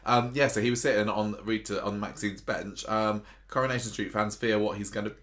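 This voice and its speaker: A man's voice: lowish voice, steady tone, brisk, crowd noise. A man co-hosting a casual podcast chat about a soap opera, who quizzes his co-host and laughs often.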